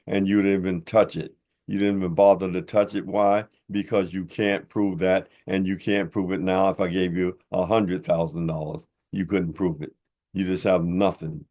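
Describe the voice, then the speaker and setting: A man's voice: low voice, darkish tone. An older man delivering a heated rebuttal monologue as a religious commentator, combative, mocking and blunt, in a preacher-like manner. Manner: blunt and informal.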